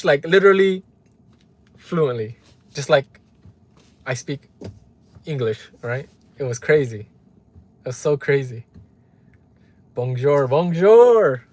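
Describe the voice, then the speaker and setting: A man with a fairly high-pitched voice, recorded with no room sound, hosts a live stream from Los Angeles, United States. Heated and often profane, he rants to his chat, reads off viewer names, and keeps saying "right?" for emphasis.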